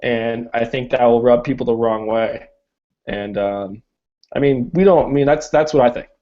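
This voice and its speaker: Young male co-host, casual and halting, mid-pitched, dull lo-fi sound. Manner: hesitant, many restarts and fillers. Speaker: podcast co-host. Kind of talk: casual chat. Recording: dull lo-fi recording.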